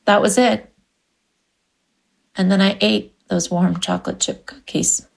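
A woman reading a first-person story about a past event in an unhurried, reflective way. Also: medium pitch, fairly even intonation, creaky. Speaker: listener telling a personal story.

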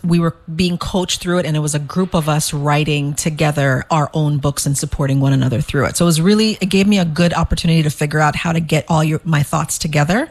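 A woman from St. Croix, an author being interviewed, talking in a quick, animated way with frequent restarts. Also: deep voice. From St. Croix, US Virgin Islands. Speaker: author and guest. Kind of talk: casual interview chat.

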